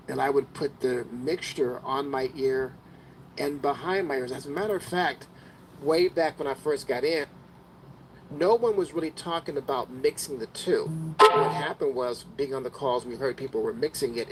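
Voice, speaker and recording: A man's voice: medium pitch, slight background noise, poor audio. A man hosting a call, casually telling a story to the group. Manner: conversational, storytelling. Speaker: call host. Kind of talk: casual talk on a video call. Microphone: video call.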